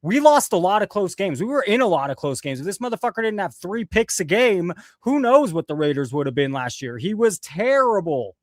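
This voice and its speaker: A man's voice: high voice, big pitch swings, fairly quick, few pauses, no echo. Profane ranting male host. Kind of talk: casual live commentary.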